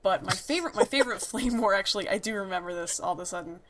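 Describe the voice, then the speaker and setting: Racing along in a mid-range voice, a young woman co-hosting a podcast chats casually, telling animated stories and laughing often. A little hiss or hum is audible.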